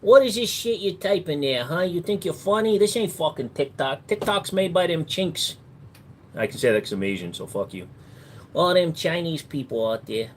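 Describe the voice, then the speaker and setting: A man's voice: a little high, slight background noise. A man hosting a casual livestream, answering chat with crude, profane, mocking banter. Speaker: livestream host.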